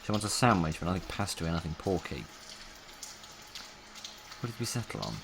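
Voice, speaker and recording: A deep-voiced man talks through a game in a wry, rambling patter, muttering to himself as he works out each step. Noise sits clearly behind his voice. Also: expressive, a little fast. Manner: wry, chatty, talks to himself while playing. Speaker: gaming YouTuber. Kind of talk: casual let's-play commentary.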